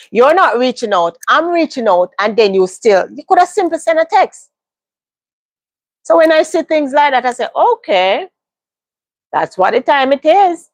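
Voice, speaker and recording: A woman's voice: sits high, no echo, clean studio sound. A woman, giving emphatic life advice in a casual livestream monologue and repeating phrases for stress. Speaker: livestream host.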